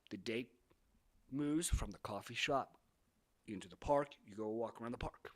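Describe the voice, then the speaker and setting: A man's voice: mid-range voice, normal speed. A man talking straight to camera, giving dating advice in an emphatic, preachy way, repeating phrases for effect. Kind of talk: casual advice monologue.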